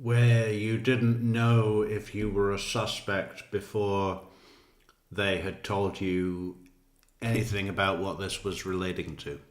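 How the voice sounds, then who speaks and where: A man's voice: fairly low pitch, flat delivery, takes it slowly, reverberant. A man giving sarcastic, exasperated commentary on trial footage. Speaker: true crime commentator.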